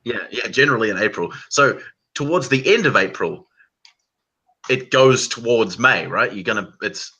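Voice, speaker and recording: A man's voice: medium pitch, animated, moderate pace, bright, forceful tone, husky, low-quality recording. A man hosting a casual group chat, rambling through a story with frequent laughter. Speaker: host.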